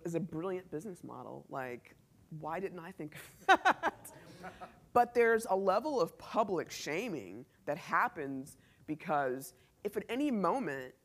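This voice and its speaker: A man speaking as a company CEO in a conference talk before a live audience, telling stories animatedly and acting out the dialogue. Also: high voice. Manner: animated storytelling, acts out quoted dialogue, laughs often.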